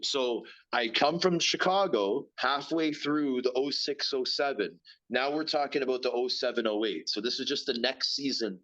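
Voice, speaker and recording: A man's voice: mid-range voice, normal speed, a bit bright. A man in his thirties chats as a guest about his hockey career. He rambles, stumbles over repeated words and leans on fillers. The recording sounds dull and lo-fi. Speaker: guest, former pro hockey player. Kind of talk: casual interview chat.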